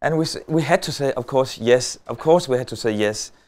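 A middle-aged Danish man speaking on a stage at a conference, telling a story with wry humor and many halting filler sounds. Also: mid-range voice, a little mellow. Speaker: lecturer. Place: on a stage before an audience.

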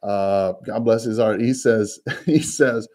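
A man working as a real estate broker, coaching in a quick, chatty way and often repeating words and laughing. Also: lowish voice, steady tone, a little mellow. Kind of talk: coaching talk with live cold calls.

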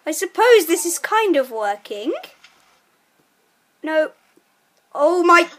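A gaming channel host narrates a let's play session with her friend, her high, lively voice chattering casually before flipping into loud, laughing shrieks whenever things fall apart. She's excitable but takes it slowly, pausing often.

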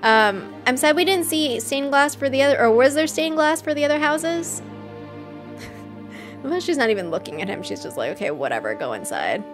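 A woman hosting a live stream, reacting excitedly to a game trailer, gushing and laughing often. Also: high voice, normal speed, music in the background. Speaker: host.

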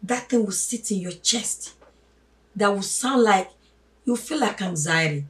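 A woman giving a spoken sermon, emphatic, swinging from loud stresses to hushed asides and calling listeners her brothers and sisters. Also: mid-range voice, animated, unhurried. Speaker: religious teacher. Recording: voice a little distant from the mic.

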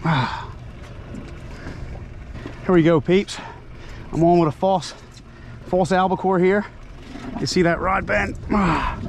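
Out of breath guy on a kayak cam, kinda high voice, excited, faint water noise behind. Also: slow, gravelly, pauses often. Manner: excited, exclaiming, talks to viewers while reeling. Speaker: fishing vlogger. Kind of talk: casual fishing vlog narration.

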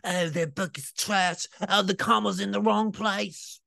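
A man's voice: high-pitched, fairly even intonation, a little slow, vocal fry, pushed and bright, dry recording, studio quality, voice pushed up, heavily acted. A man mimicking a sneering male online troll in a whiny, mocking voice.

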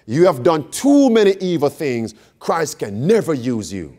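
Animated slow-paced male preacher. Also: a little high. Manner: questions the audience, repeats phrases for emphasis. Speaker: preacher teaching a Bible class. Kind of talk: interactive Bible study sermon.

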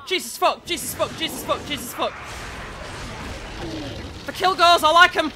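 High-voiced sweary gamer. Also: male voice, a little slow, pauses often, soft background music. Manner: sweary, excitable, yells at the game. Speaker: let's play gamer. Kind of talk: live gameplay commentary.

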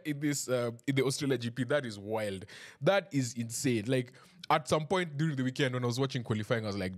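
A man's voice: medium pitch, brisk. A man hosting a podcast in a casual, chatty and self-deprecating way, joking with his listeners over a desk mic. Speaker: podcast host. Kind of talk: casual chat.

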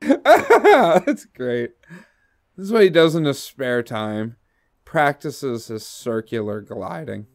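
Slow, gravelly man laughing through a game. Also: medium pitch, dry recording, studio quality. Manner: laughs often, excitable, talks to the character on screen. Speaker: game streamer. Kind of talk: live game commentary.

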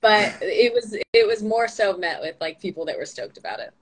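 A woman's voice: mid-range voice, animated, moderate pace, a little hiss or hum. A young woman telling stories as a guest in a casual interview, chatty and full of fillers, laughing often. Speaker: actress being interviewed.

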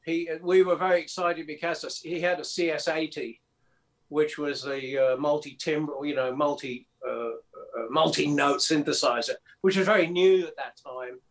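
Telling stories from his time in the studio, a male record producer guest speaks with a slightly high voice in a laid-back interview. He rambles anecdotally, acting out quotes, with plenty of fillers and rapid restarts.

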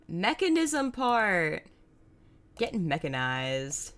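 A woman's voice: a little high, big pitch swings, unhurried, fairly bright tone. A young woman streaming a puzzle game, chatting casually with lots of swearing, giggles and playful sound-effect exclamations. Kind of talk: casual live gameplay commentary.

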